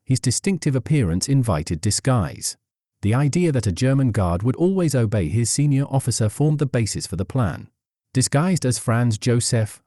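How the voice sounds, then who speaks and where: A man giving scripted documentary narration in a measured, storytelling delivery. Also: mid-range voice, warm tone, no echo, clean studio sound.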